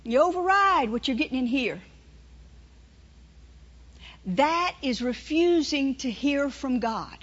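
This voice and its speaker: A woman preaching a sermon, telling stories and acting out voices with lively delivery. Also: sits high, takes it slowly, pauses often, highs cut off. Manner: storytelling, animated, acts out inner voices.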